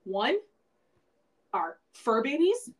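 Animated woman podcast co-host. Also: on the high side, very slow, poor audio. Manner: animated, laughs often, swears. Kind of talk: casual podcast chat.

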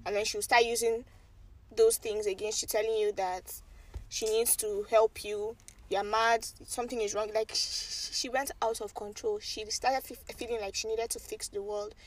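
A woman telling a family story in casual chat, animated and quick to act out what others said. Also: on the high side.

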